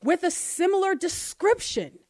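A woman hosting a podcast, talking through political commentary in an animated, rhetorical way. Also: extremely high pitch, unhurried, dry recording, studio quality. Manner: animated, rhetorical, asks listeners to bear with her. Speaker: podcast host.

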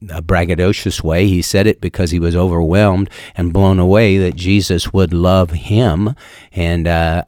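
Deep-voiced man preaching earnestly. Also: a little mellow, no echo, clean studio sound. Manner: earnest, storytelling delivery with slow emphatic stretches. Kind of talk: sermon.

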